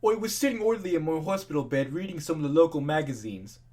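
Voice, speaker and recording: A man's voice: fairly high pitch, lively intonation, quick pace, darkish tone. A young man casually reading fan fiction aloud, swearing freely and ranting in between. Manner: profane ranting, laughs at the text.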